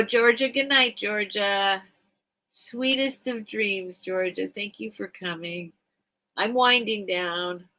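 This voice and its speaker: Middle-aged woman reading chat on a late night live stream, slow easy talk, bright voice, gets emotional. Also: mid-range voice, low-quality recording. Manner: chatty, emotional, reacts aloud to viewer comments. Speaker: host of a live vintage sale stream.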